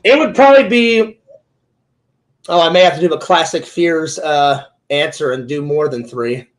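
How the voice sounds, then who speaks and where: A man's voice: a little high, normal speed. A talkative man interviewing a fellow streamer in casual chat, rambling through stories with many "like"s and "he goes"s.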